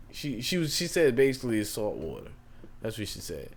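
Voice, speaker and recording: A man's voice: mid-range voice, huge pitch swings, fairly quick, gravelly. Chatty rambling man teaching tech. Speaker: tech tutorial host. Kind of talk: casual screen-share tutorial.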